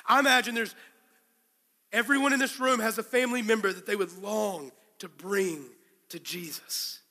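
A male pastor preaching a sermon to a congregation, telling the story with animated, acted-out quotes. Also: high voice, moderate pace, long reverb tail. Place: large room with a congregation.

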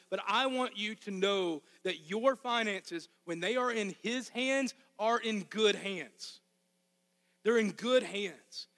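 High bright-voiced Arkansas preacher. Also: male voice. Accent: Arkansas Southern US. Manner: impassioned, emphatic repetition. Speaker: pastor. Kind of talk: sermon. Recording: long hall reverb.

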